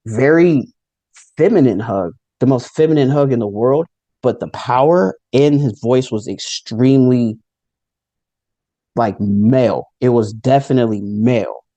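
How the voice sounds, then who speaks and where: A man tells his own story in a relaxed, casual way, leaning on fillers and acting out what people said. His voice sits at an ordinary middle pitch with a dark, mellow tone. The sound is dry and close, with no room echo. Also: unhurried. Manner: loose storytelling with many fillers and acted quotes. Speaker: near-death experience speaker. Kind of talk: casual personal testimony.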